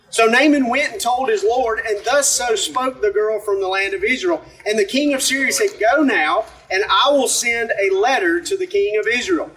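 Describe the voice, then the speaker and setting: A man's voice: very high-pitched, moderate pace, sharp tone, recorded from a distance, rough recording. A man from Alabama, preaching a sermon as pastor and talking to the congregation in a conversational way. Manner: conversational, asks the congregation questions.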